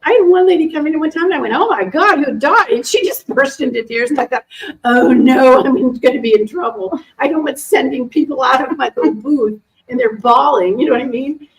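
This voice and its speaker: Middle-aged woman, high voice, chatty and animated, teaching intuition to a live audience. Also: brisk, low-quality recording. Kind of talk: casual talk to a live audience with questions.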